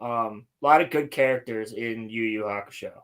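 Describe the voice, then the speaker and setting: A young man co-hosting a casual podcast, talking about anime in an excited, rambling, slang-heavy way. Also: fairly low pitch, moderate pace. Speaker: podcast co-host. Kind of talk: casual chat.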